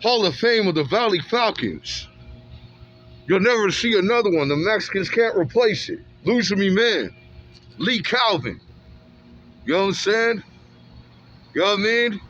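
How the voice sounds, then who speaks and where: A man's voice: sits high, animated, normal speed, long pauses, a bit bright, highs cut off, faint music behind. A man in an emphatic, repetitive, slangy street monologue, recorded outdoors. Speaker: street vlogger.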